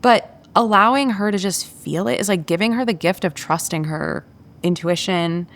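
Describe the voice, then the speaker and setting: A woman's voice: medium pitch, normal speed. Chatty woman telling a parenting story. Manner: animated, acts out quoted voices, frequent "like" fillers. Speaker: podcast guest. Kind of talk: candid conversational storytelling.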